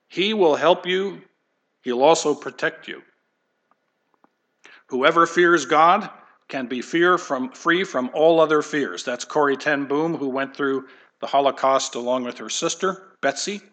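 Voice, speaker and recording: A man's voice: on the high side, a little slow, a bit bright. A man preaching a sermon as pastor, emphatic and asking rhetorical questions.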